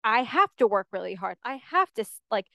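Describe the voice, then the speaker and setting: A woman hosts her own podcast alone, speaking in a candid, animated, casual way full of "like". Her voice sits fairly high and comes through smooth and clean. The sound is dry, with no room behind it. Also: fairly quick, dry recording. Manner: candid and animated, heavy use of "like". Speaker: podcast host. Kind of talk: casual solo podcast monologue.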